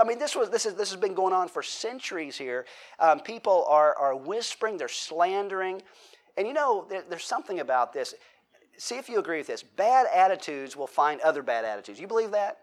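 A man preaching a conversational Bible-teaching sermon, asking the audience questions and acting out quotes. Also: on the high side. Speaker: pastor.

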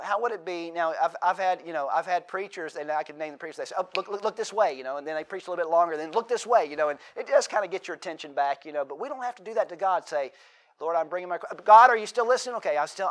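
A middle-aged man preaching a sermon, reading scripture aloud with emphatic delivery and frequent word repetitions. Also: a little high. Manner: emphatic preaching, repeats words, dramatic acted quotes. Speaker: pastor.

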